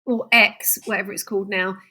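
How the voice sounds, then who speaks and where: A woman's voice: medium pitch, steady tone, a little fast, bright, forceful tone. A woman, a singer guest on a podcast, chatting casually and laughing often as she tells stories. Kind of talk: casual interview chat.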